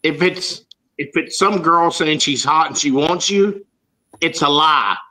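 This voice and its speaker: A man's voice: a little high, measured pace, sharp tone, rough recording. A man joking and laughing through casual live-show banter.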